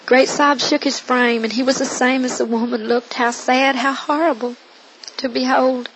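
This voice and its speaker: Woman reading her testimony, earnest n solemn, kinda high voice. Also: steady tone, moderate pace, slight background noise, poor audio. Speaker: narrator. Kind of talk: first-person testimony reading.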